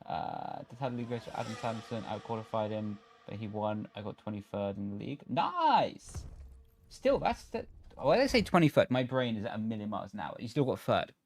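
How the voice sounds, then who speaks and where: A man chatting casually on a racing game livestream from his home sim rig, greeting viewers by name and correcting himself quickly as he talks. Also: fairly low pitch, animated, a little hiss or hum. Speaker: game streamer and sim racer. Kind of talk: casual livestream chat while gaming. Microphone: desk microphone on a stand.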